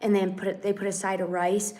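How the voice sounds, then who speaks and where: A woman's voice: medium pitch, flat delivery, fast talker, dark tone. A woman hosting a casual live stream at home, telling a story animatedly and acting out the dialogue. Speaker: channel host. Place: home in Mexico.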